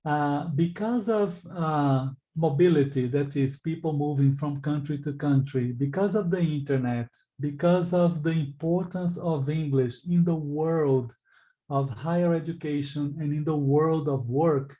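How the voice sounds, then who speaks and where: Man teacher articulating slowly and deliberately. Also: on the high side, dark tone, lo-fi sound. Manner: engaging, asks the class questions and reacts to answers. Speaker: English exam teacher. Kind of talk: live online class.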